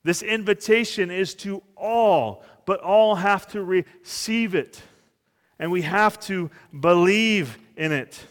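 A man's voice: high voice, slow. A middle-aged man preaching a sermon in an earnest, fervent way. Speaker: pastor. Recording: reverberant hall.

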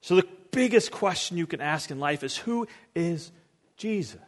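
A man's voice: on the high side, expressive, normal speed. A man giving a casual, conversational sermon as a pastor, rambling and acting out little scenes. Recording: long hall reverb.

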